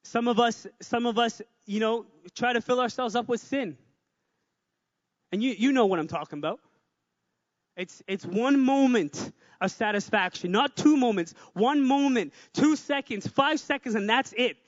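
High-voiced man preaching a sermon. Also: normal speed, big-room sound, dull audio. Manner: energetic, repeats phrases for emphasis, joking asides. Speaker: pastor.

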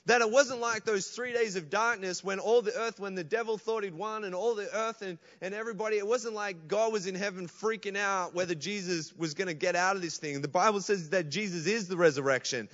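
High voiced guy preaching in church, muffled sound, long echo. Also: a little fast, hardly any pauses, a bit bright. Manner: preaching with call-outs to the congregation. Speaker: pastor. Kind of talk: sermon.

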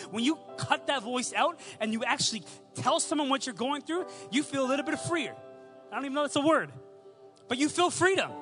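A man's voice: extremely high pitch, a bit bright. A young man preaching a sermon, telling stories and building points through emphatic repetition.

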